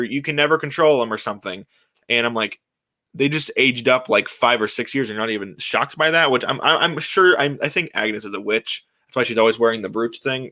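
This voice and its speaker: Young male host, bright voice, eager rambling solo chat full of restarts. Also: mid-range voice. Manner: excited, rambling, many restarts and fillers. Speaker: podcast host.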